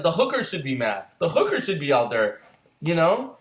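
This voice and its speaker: A man's voice: fairly high pitch, wildly swooping pitch, moderate pace. Man, casual rant, heated and profane, rhetorical questions, roomy echo. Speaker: filmmaker sharing opinions.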